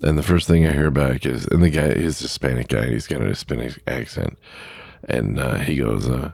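A man's voice: extremely low pitch, lively intonation, moderate pace, vocal fry, a little mellow, husky, dry recording, clean studio sound. A middle-aged man, a truck driver, telling a story in a blunt, rambling, plain-spoken way. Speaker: long-haul truck driver. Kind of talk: casual storytelling to camera.

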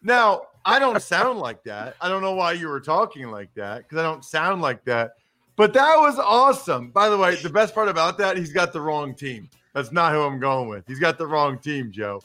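Excitable man with a high bright voice. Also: normal speed. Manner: excitable, laughing, effusive. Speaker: podcast co-host. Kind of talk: casual sports betting chat.

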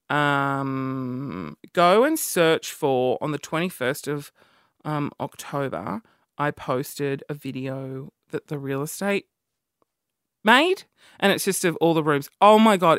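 A woman's voice: low voice, takes it slowly, clean tone, no echo, clean studio sound. A young woman with an Australian accent, hosting a casual, rambling monologue and poking fun at herself. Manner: animated, rambling, self-mocking.

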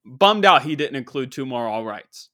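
Young male host, excitable and joking, sharp bright tone. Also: medium pitch, moderate pace, no echo, clean studio sound. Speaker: show host. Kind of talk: comedic monologue.

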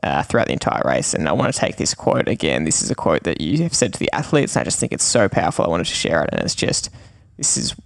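A man's voice: low voice, sing-song, fast talker, creaky, few pauses, no echo, studio quality. A man hosting an interview, laughing often and agreeing readily with his guest. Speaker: podcast host.

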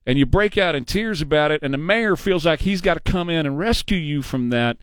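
A man's voice: on the high side, lively intonation, brisk, few pauses, fairly bright tone, clear, resonant tone, dry recording, clean studio sound. A man hosting a talk radio show, blunt and mocking in his opinions. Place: radio studio. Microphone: studio microphone.

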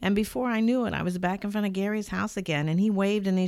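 Talking fast with a gravelly, medium-pitched voice and hardly pausing, an older woman shares a personal story on the podcast she hosts from her home studio. Her manner is earnest and reflective, turning lively when she recounts what happened. The studio microphone captures no room sound.

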